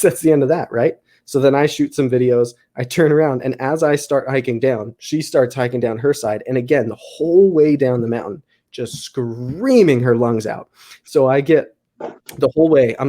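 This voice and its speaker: Young guy podcast host, chatty storytelling, laughs a lot, mid pitch. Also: mellow. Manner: rambling, filler-heavy, laughing through the story. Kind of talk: casual storytelling.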